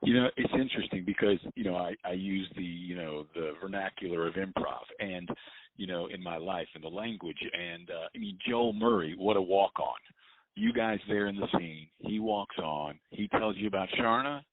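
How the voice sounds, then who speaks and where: A man's voice: deep voice, big pitch swings, normal speed, creaky, no room sound. A man hosting a casual conversation, talking reflectively with many "you know" fillers. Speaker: host. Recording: dry, phone-like narrow sound.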